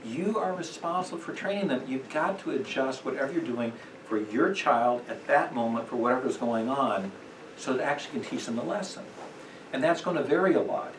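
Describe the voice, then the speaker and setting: A middle-aged man teaching a parenting class at church, talking conversationally with many fillers and acting out quick quotes. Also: mid-range voice, animated. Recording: echoey room, distant mic, noisy.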